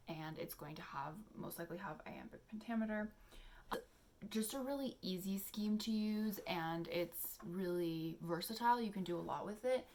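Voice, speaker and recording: A young adult woman hosting a casual teaching vlog, soft-spoken and chatty, with many fillers as she explains poetry exercises. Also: fairly low pitch, slight background noise. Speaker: poetry channel host.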